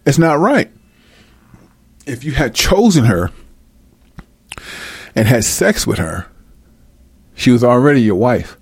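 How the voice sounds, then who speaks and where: A man's voice: mid-range voice, sing-song, takes it slowly, pauses often, breathy edge, no room sound. A man ranting comedically to his viewers, profane and slangy, breaking into laughter often. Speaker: commentator. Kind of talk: comedic rant to camera.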